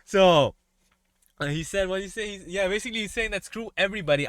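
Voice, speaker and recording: Male reaction host, slightly higher voice, dry close mic, loose conversational explainer. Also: a little fast, a bit bright, no echo. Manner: explains in loose run-on asides. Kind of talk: casual breakdown commentary.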